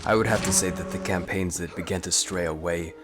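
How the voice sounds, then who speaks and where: A man with a low, deep voice delivers measured voice-over commentary on a game walkthrough. He weighs each point analytically and often hedges his opinions. Loud game music plays behind his voice the whole time. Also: fairly even intonation. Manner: thoughtful, analytical, hedging.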